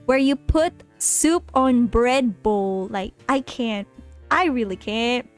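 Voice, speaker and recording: A woman streaming a game and chatting casually with her viewers, animated and exclaiming, often in mock outrage. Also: high voice, takes it slowly, soft background music. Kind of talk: casual live-stream chat.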